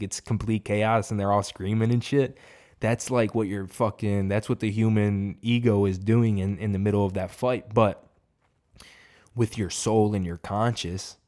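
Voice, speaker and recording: A man's voice: fairly low pitch, darkish tone. A man giving a casual, profane fight reaction, rambling and emphatic. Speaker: MMA reaction host.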